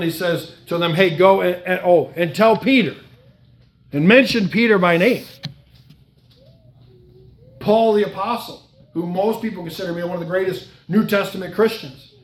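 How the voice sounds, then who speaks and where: A man's voice: a little high, roomy sound. A man preaching a sermon, earnest and pleading, reading scripture aloud and dwelling on repeated phrases. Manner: earnest, pleading, reads scripture aloud in old-style wording.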